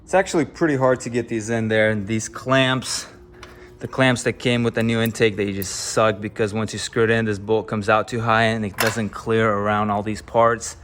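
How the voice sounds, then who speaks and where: A man's voice: fairly low pitch, fairly even intonation, normal speed, a bit bright, slight background noise. Casual man narrating a car build. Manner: casual, enthusiastic, explains steps as he works. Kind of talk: casual garage vlog narration. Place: garage, working on a car. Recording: background music playing.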